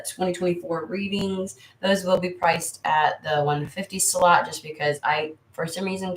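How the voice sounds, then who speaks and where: A low-voiced American woman with a fairly bright tone hosts a tarot channel, chatting casually with livestream viewers. She rambles and is candid, swearing freely, and the room sounds echoey.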